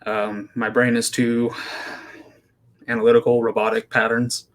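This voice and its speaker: A man's voice: mid-range voice, completely flat delivery, normal speed. A man from the United States answering interview questions in a matter-of-fact, analytical way. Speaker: guest. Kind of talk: casual interview talk.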